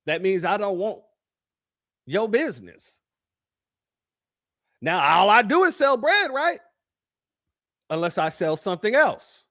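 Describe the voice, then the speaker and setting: Man, high voice, livestream host, emphatic commentary, repeats himself, talks straight to chat. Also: animated, measured pace, long pauses, fairly bright tone. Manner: emphatic, repeats phrases, addresses chat as family.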